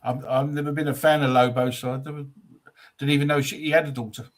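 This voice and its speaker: A man's voice: medium pitch, little pitch movement, quick pace. A man chatting on a comics show, chuckling and teasing the others. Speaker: panelist. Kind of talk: casual chat.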